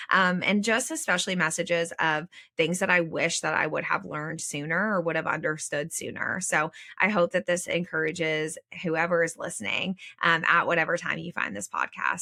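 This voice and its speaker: A woman in her thirties hosts her own podcast alone, speaking earnestly and encouragingly straight to her listeners. Her voice is bright and forward, sitting a little low for a woman. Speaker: podcast host. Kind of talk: reflective solo podcast talk.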